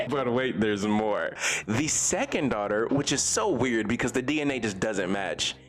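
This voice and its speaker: A man's voice: mid-range voice, expressive, slow, fairly bright tone, faint music behind. A man giving a casual, profane, rambling anime recap with running jokes. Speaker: anime commentary YouTuber.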